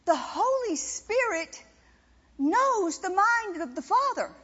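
A woman's voice: very high voice, big pitch swings, slow pace, fairly bright tone. A woman preaching a sermon with impassioned, emphatic repetition. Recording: dull sound with long reverb in a hall.

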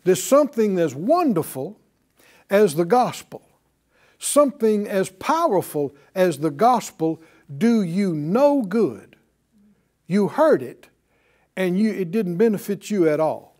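A man's voice: high-pitched, big pitch swings, slow pace, darkish tone. A man preaching a sermon, asking the congregation questions and acting out quotes. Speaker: pastor.

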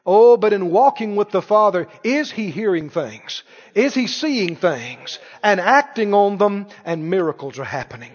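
A man's voice: high voice, sing-song, unhurried, few pauses. Guy preaching a sermon, keeps asking the crowd questions, long hall echo, kinda muffled. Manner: emphatic, questions the congregation, quotes scripture.

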